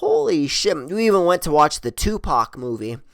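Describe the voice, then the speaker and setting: A man spinning a crude, profane story in a loose, rambling way. His voice sits a little higher than most men's. The sound is dry and close, with no room echo. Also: very animated, normal speed. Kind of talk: casual storytelling.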